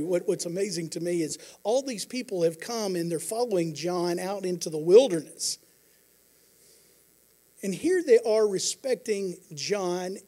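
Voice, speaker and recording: High-voiced man preaching a sermon. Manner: earnest preaching, shifting from quiet to emphatic. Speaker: pastor.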